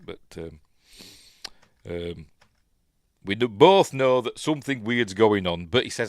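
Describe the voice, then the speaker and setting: A man's voice: deep voice, animated, moderate pace, no room sound, clean studio sound. A man with a Yorkshire accent casually commenting on a film as he watches it, rambling with many ums and restarts. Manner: plays out the characters' lines in quotes. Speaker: film review host.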